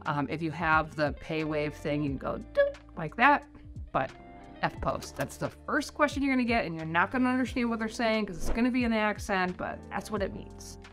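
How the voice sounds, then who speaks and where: A middle-aged American woman with a medium-pitched, slightly bright voice talks briskly and animatedly in a casual talking-head vlog. Giving tips on life in New Zealand, she rambles chattily and says "like" constantly, with faint music beneath her.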